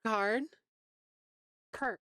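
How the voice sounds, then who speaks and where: A woman's voice: on the high side, extremely slow, sharp tone, clear, resonant tone, no room sound, clean studio sound. A woman co-hosting a casual podcast, slangy and playfully competitive. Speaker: podcast co-host.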